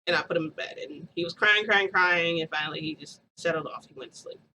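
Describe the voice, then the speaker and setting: A woman's voice: on the low side, quick pace, bright, forceful tone, a little hiss or hum, rough recording. A woman telling a long personal story in casual vlog style, rambling with lots of fillers and frequent laughs. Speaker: vlogger.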